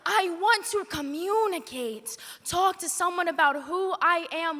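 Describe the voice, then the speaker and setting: A teenage girl delivers slam poetry with fierce passion, dropping to a near hush and then rising to shouts. Her voice sits very high and sounds sharp and bright. The performance rings through a large hall with a long echo. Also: unhurried, few pauses. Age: teens. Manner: impassioned, swings from hushed to shouted. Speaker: youth slam poet. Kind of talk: spoken word poetry performance. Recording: reverberant hall.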